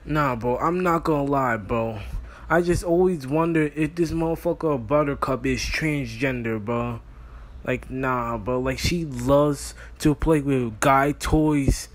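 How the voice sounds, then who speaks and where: Faint music plays behind a mid-range male voice speaking unhurriedly. The young man is delivering profane roast commentary into a phone mic, sounding brash and exasperated, cursing nonstop and addressing everyone as "bro."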